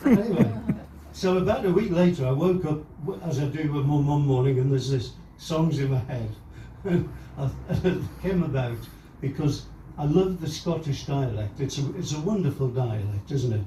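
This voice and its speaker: A man's voice: fairly high pitch, animated, normal speed, warm tone, a little hiss or hum. Older man joking from a club stage. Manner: chatty, joking storyteller who chuckles often. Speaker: folk singer-songwriter. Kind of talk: live stage banter between songs. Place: live music club with an audience. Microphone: stage microphone with guitar. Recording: roomy live venue recording from a distance, with guitar.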